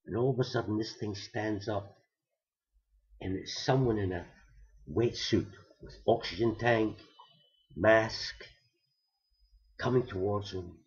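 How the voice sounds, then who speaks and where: A man telling long jokes, building them slowly with repeated phrases, on a dull recording. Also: lowish voice. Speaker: comedian. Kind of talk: stand-up joke telling.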